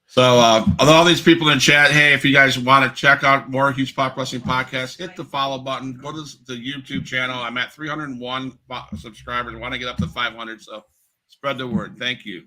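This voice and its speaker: A man's voice: mid-range voice, steady tone, moderate pace, bright, forceful tone, low-quality recording. A man hosting a podcast interview, giving brief, upbeat replies and asking questions. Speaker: podcast host.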